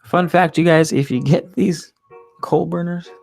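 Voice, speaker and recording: A man's voice: a little high, fairly even intonation, measured pace, creaky, a little mellow, soft background music. A young man hosting a candlelit reading at home, chatting casually and rambling through an intermission, swearing freely. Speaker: reader and host. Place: home with candles and a resin burner.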